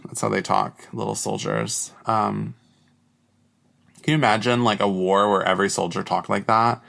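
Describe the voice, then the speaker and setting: A man's voice: lowish voice, steady tone, normal speed, vocal fry, fairly bright tone. A man hosting a podcast alone, rambling casually with lots of "like" and crude jokes. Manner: rambling, heavy use of "like", crude joking. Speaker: podcast host. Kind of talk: casual solo monologue.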